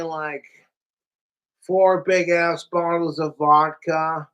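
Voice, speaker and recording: A man's voice: fairly high pitch, little pitch movement, slow, a bit bright, clean tone, low-quality recording. Profane rambling livestreamer man. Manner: profane, rambling, talks to chat. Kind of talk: casual livestream rant.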